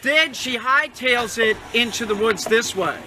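A man telling a rambling, halting confessional story outdoors, repeating himself and growing distraught. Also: very high-pitched, sharp tone. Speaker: man in a confessional video clip. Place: outdoors in a dry creek bed. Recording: noisy outdoor video clip.

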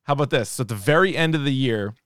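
A man in his thirties co-hosts a casual podcast, telling stories with lively outrage and plenty of swearing. His voice is smooth and resonant. It is recorded dry and close. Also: medium pitch, fast talker, no echo. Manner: animated, profane storytelling. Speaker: podcast co-host.

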